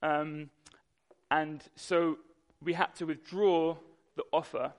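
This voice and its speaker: A young man delivers a sermon. He tells a personal story with animation, acting out the people in it. His voice sits slightly high for a man. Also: steady tone, slow pace. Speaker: pastor.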